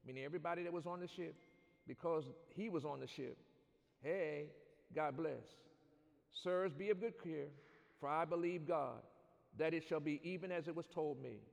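A man preaching a sermon in a church, reading scripture and calling on the congregation to answer back, building to loud shouts. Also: on the high side, normal speed, vocal fry. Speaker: pastor. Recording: long hall reverb.

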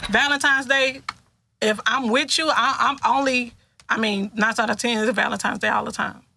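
A woman co-hosting a casual podcast, brash and loud, reading out questions. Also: on the high side, steady tone, normal speed, creaky. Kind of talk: casual chat.

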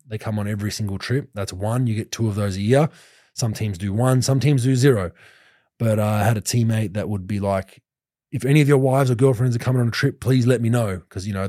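A man in his thirties, a podcast host who played pro basketball, telling lively anecdotes with many restarts and laughs. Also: on the low side, dry recording, studio quality. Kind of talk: casual storytelling chat.

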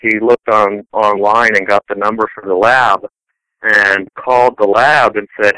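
Middle-aged male scientist guest, low-ish, very bright crisp tone, rambling anecdotal talker. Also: steady tone, moderate pace, no echo, low-quality recording. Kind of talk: casual conversational interview.

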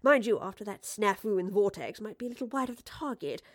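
Woman doing an eccentric brisk professor. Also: mid-range voice, animated, no room sound, clean studio sound, natural voice.

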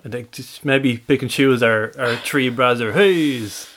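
Dry football podcast co-host. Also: male voice, medium pitch, a little slow, fairly bright tone. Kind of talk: casual football fan chat.

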